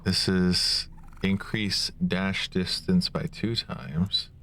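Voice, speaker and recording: A man's voice: low voice, drawn-out words, a bit bright, a little hiss or hum. A man streaming a video game, chatting casually and musing aloud as he reads the on-screen text. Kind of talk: casual gameplay commentary.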